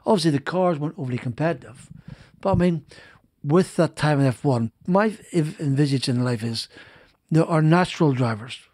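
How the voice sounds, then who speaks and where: A man's voice: fairly high pitch, moderate pace, a little mellow, no echo. A middle-aged man, a former racing driver, telling stories in a casual interview, rambling with many restarts and repeated words. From Northern Ireland. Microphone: studio podcast mic.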